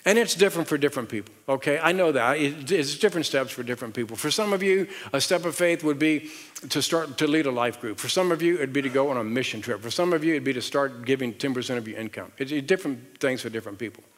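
Southern-accented pastor preaching in a hall. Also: male voice, medium pitch, fast. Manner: conversational, repeats words, rising emphasis. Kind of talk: sermon. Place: large church auditorium. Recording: long hall reverb.

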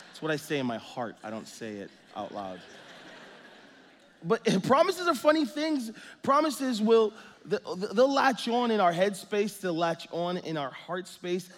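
Joking pastor with a slightly high voice. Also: male voice, big-room sound. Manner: energetic, joking storyteller. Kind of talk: sermon.

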